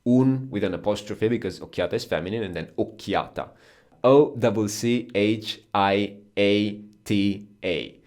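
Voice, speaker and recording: A man's voice: on the low side, a little slow, darkish tone. A man whose first language is Italian, explaining words patiently in a casual podcast lesson and laughing easily. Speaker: Italian teacher.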